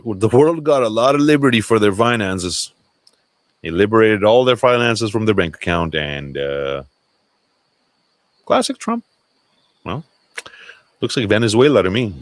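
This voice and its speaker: Deep-voiced man in a casual livestream. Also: moderate pace, pauses often, no room sound. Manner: loose, profane, self-interrupting. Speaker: livestream host.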